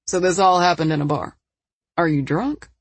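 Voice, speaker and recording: A woman doing a gentle, calm man. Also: lowish voice, moderate pace, breathy edge, no echo.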